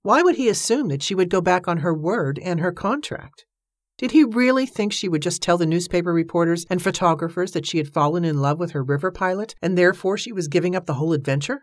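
Low-voiced woman reading a novel. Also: animated, fast talker, dry recording, clean studio sound. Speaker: audiobook narrator. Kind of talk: scripted narration.

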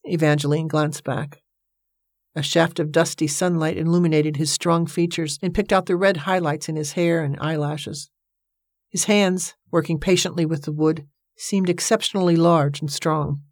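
Measured woman narrating an audiobook. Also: low-pitched, steady tone, no echo, clean studio sound. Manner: measured, storytelling.

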